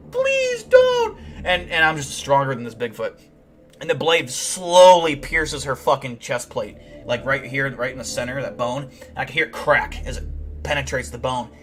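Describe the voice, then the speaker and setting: A young man hosts a livestream and rambles through boastful, deadpan tall tales. His voice sits at an everyday middle pitch. Guitar music plays clearly behind him. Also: moderate pace. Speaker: livestream host. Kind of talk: comedic in-character livestream storytelling.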